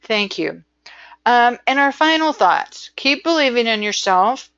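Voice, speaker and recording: Slow, chatty American woman lecturing. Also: fairly high pitch, animated, a bit bright, no echo, dull audio. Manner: chatty, filler-heavy, slow and deliberate. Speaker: instructor. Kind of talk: recorded lecture.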